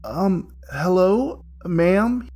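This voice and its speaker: Male storyteller doing a timid night watchman: higher than his own voice, hesitant, uh-filled. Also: expressive, drawn-out words, darkish tone, exaggerated voice. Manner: hesitant, with ums and uhs.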